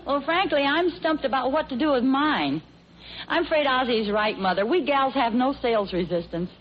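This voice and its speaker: An actress playing a cheerful, friendly housewife in 1950s radio sitcom style. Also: female voice, sits high, expressive, moderate pace. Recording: muffled old radio broadcast with faint hiss.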